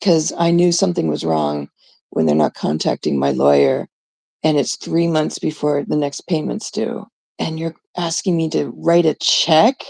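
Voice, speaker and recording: A woman's voice: low voice, vocal fry, dark tone, no room sound. A middle-aged woman from Canada hosting a livestream, telling a story to her chat in a blunt way and swearing freely. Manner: blunt, swears freely, quotes others in quick asides. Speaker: livestream host. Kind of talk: casual storytelling to a live chat.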